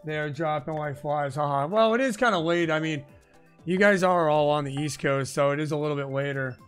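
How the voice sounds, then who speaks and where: Rambling, profane high-voiced male streamer. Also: brisk, a bit bright, clean tone, soft background music. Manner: rambling, profane, frequent "like" fillers. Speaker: live-stream gaming host. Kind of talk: casual chat while gaming. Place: home gaming desk. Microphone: microphone on a boom arm.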